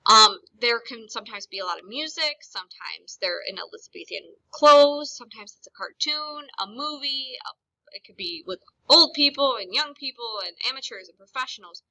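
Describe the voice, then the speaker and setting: Woman teacher, recorded lesson; slightly high, very bright, sharp tone; clear, direct explanations to students. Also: expressive, moderate pace, rough recording.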